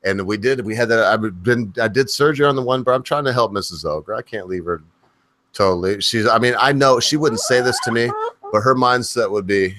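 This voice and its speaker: A man's voice: fairly low pitch, a little fast, fairly bright tone, no echo. A man hosting a live stream, joking and chatting crudely. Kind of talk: casual chat.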